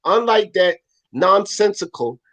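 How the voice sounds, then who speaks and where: A man's voice: high voice, animated, a little slow, a bit bright, rough recording. A man co-hosting a casual boxing talk show, emphatic and insistent, swearing as he makes his case. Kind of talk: casual sports debate.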